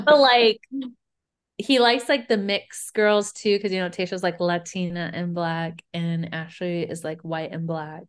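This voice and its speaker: A woman's voice: lowish voice, steady tone, slow pace, smooth. A young woman with a slight Southern accent, co-hosting a podcast in casual, bubbly chat and laughing often. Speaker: podcast co-host.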